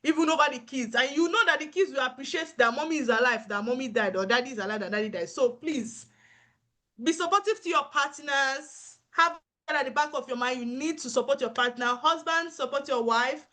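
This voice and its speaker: A woman's voice: high voice, a little fast, bright, forceful tone. A woman, an earnest nurse giving encouraging career advice and repeating her points for emphasis. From Africa. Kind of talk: motivational advice talk.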